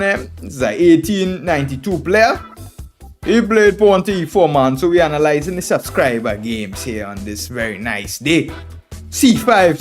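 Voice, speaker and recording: A man with a strong Trinidadian accent, chatting on a live chess stream in a boisterous, drawling way and tagging "man" onto his sentences. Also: a little high. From Trinidad and Tobago. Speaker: chess streamer, international master. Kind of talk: casual live stream chat.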